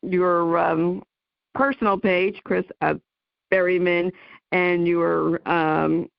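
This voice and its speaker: A woman with a New Jersey accent hosting a talk radio interview, halting and full of ums and you knows. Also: on the low side, steady tone, creaky, no echo, highs cut off. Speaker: host.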